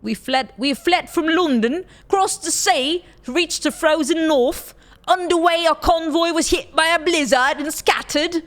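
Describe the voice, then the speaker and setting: A woman putting on a deliberately bad fake British accent to read game text aloud as a parody. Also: bright, forceful tone, exaggerated voice. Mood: mock dramatic. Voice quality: high exaggerated fake British voice. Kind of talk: parody reading.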